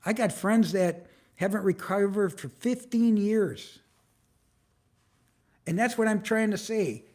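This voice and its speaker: Here a seventy-something man speaks slowly in a high, darkish voice on his casual live stream. Recording from a phone or camera on a tripod, he rambles, swears in frustration, and names viewers in the chat.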